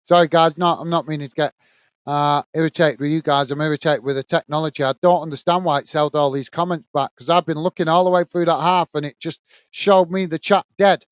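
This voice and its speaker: High-voiced British man, rambling host. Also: fairly even intonation, brisk, smooth, no echo. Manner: rambling, exasperated muttering about tech trouble. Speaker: football watchalong host. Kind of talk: casual live-stream chat, reading out viewer comments.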